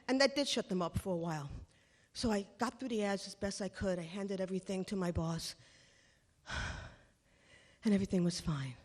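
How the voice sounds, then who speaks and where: Bright-voiced woman telling a story on stage. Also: mid-range voice, normal speed, pauses often, in a large hall. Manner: animated, sarcastic, acts out quotes. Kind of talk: live comic storytelling. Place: small stage venue.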